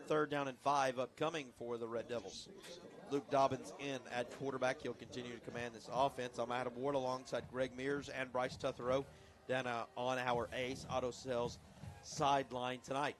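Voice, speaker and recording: A male play-by-play announcer at a mid-range pitch calls a high school football game for local radio. He is lively and talkative, with asides and self-deprecating jokes between plays. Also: moderate pace.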